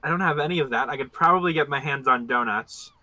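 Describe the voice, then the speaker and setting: Earnest polite adventurer man, hesitant, very bright sound, a man plays him. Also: medium pitch, fast, dry recording.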